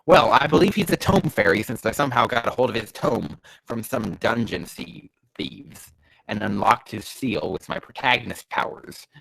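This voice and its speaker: A man's voice: lowish voice, animated, moderate pace, vocal fry, no room sound. A man reading bad fanfiction aloud and tearing into it with profane, exasperated commentary, his nose stuffy from allergies. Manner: sarcastic, profane, exasperated, erupting into yells. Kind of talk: ranting comedic commentary.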